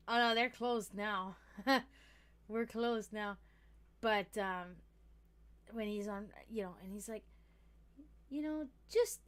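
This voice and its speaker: A woman hosts a casual livestream, rambling freely, swearing a lot, and laughing often as she talks. Her voice is a little high, at a normal speed.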